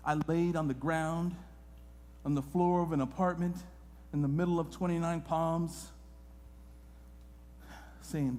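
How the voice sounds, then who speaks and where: A man preaches with passion in a fairly high voice, dropping to near-whispers and then rising loud. His words ring out with the long reverb of a church sanctuary. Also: fairly even intonation, measured pace, long pauses. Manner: impassioned preaching, swinging from hushed to loud. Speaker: guest pastor. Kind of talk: sermon.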